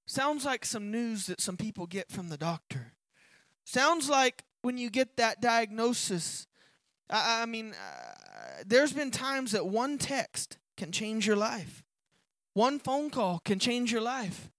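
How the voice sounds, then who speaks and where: A preacher delivering an impassioned sermon, building to shouts, then reading scripture lower and quieter. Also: sing-song, slow, no room sound. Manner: impassioned, rising to shouts on key points.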